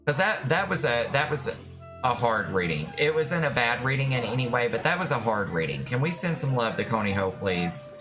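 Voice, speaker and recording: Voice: medium pitch, sing-song, normal speed. Affectionate streamer doing tarot readings, music behind. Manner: affectionate, reassuring, calls viewers "my love". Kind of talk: casual live-stream chat.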